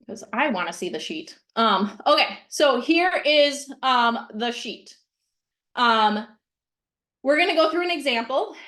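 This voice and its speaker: A blunt, emphatic middle-aged woman teaching casually over a video call, her voice sitting a little high. She drives each point home and checks in with "okay?" after nearly every line. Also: fairly bright tone. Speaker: mindset coach.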